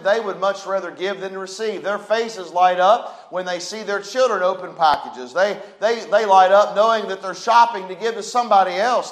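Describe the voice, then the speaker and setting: A man preaches from his pulpit in a notably high voice. He builds to emphatic peaks and throws questions out to the congregation. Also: low-quality recording. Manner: preaching with rising emphasis and call-and-response. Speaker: pastor. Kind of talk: sermon. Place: church sanctuary.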